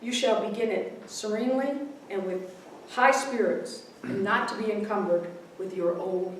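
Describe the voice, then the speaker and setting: A woman's voice: medium pitch, moderate pace, a little hiss or hum. A woman giving a chatty, casual sermon, mixing readings and a humorous story. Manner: warm, chatty, laughs at her own jokes. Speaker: minister giving a talk. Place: large echoey hall with a congregation. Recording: very echoey hall, voice from far off.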